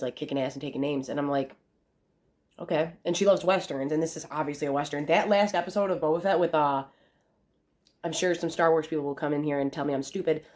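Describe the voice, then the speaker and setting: A woman's voice: lowish voice, a little mellow. A young woman rambling casually to camera at home, swearing freely as she chats. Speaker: vlogger. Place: family room at home.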